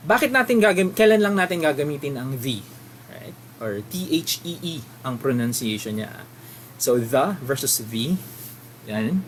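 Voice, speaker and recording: A man's voice: medium pitch, very animated, a little hiss or hum. Filipino man demonstrating pronunciation. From Philippines. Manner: mixes English and Tagalog, sounding out words slowly to demonstrate. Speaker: magician teaching a workshop. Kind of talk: live online lecture.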